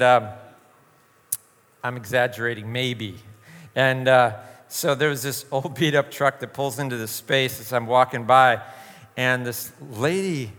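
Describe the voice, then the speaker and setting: Man, youth group leader, informal chatty talk, joking storyteller, sharp voice, long hall echo. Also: mid-range voice.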